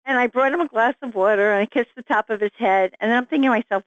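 Middle-aged woman guest, lively storyteller, slightly high voice, dull lo-fi dry recording. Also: quick pace, few pauses, dry recording. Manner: animated, vivid storyteller. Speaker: author guest. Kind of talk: storytelling interview.

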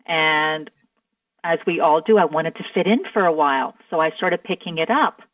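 A woman's voice: low-pitched, normal speed, dry recording. Cheery woman calling in, sounds far off and muffled, dry phone line. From Delaware, USA. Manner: cheerful, laughing easily. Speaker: radio guest. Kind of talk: phone-in radio interview.

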